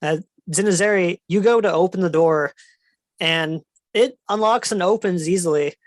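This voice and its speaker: A man narrating as game master of a tabletop game, relaxed and descriptive with fillers. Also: high voice, normal speed, no echo.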